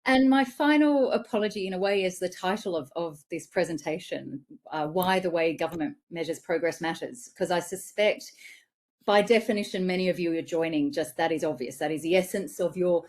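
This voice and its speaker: A woman's voice: on the low side, brisk, darkish tone. A woman with an Australian accent presenting an online seminar over a video call, friendly and apologetic, thinking aloud with small restarts. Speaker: seminar speaker.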